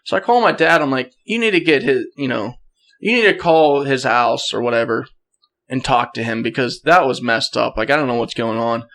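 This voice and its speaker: A young man appearing as a podcast guest tells a hunting story in a relaxed, lively manner, frequently laughing and clearing his throat. His voice sits at a medium pitch and moves at a moderate pace.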